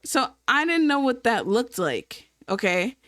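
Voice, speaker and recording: Woman vlogger with a brightish high voice and a dry, close sound, animated and swearing, laughing through her story. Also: measured pace, no echo. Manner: animated, profane, laughs often, keeps checking in with the viewer. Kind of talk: casual storytelling to camera.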